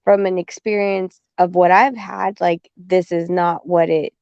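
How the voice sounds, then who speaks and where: A woman on a podcast telling a story in casual chat, animated and swearing, acting out the back-and-forth she had. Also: fairly low pitch, unhurried, creaky, clear, resonant tone, dry recording. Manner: animated, swearing, acts out quoted exchanges. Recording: dull lo-fi dry sound.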